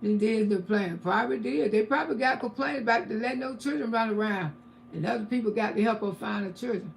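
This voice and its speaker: An older woman, hosting a casual livestream and chatting with viewers, blunt and preachy, often rising into loud shouting. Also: fairly high pitch, fast, vocal fry, a little hiss or hum. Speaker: livestream host. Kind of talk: casual livestream commentary, reading chat.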